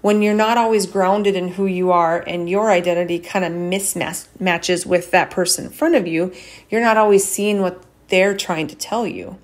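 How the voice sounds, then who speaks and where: Here a woman who works as a chiropractor runs an informal podcast by herself, speaking plainly while shifting her pitch high and low to illustrate different vocal tones.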